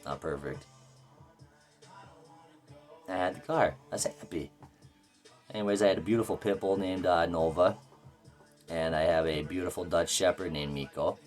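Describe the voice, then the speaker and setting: A man's voice: deep voice, moderate pace, long pauses, soft background music. A man telling a rambling, profane story about his life in a casual, blunt way. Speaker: vlogger.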